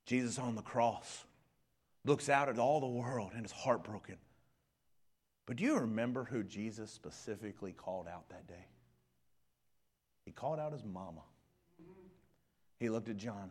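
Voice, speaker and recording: A man preaching a sermon, swinging between hushed whispers and shouted peaks. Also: lowish voice, normal speed, pauses often, breathy edge. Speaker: pastor.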